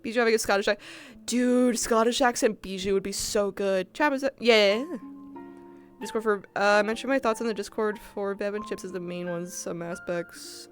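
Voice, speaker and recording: A woman's voice: mid-range voice, moderate pace, long pauses, soft background music. A woman livestreamer in casual chat with her viewers, swearing freely as she talks straight to chat. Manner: chatty, swears casually, addresses chat directly. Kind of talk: casual chat with viewers after a roleplay session.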